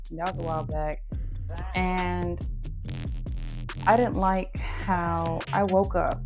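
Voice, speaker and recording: A woman, telling a blunt, profane storytime rant about a falling-out with a friend. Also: lowish voice. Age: 20s. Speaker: vlogger. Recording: music playing loudly behind.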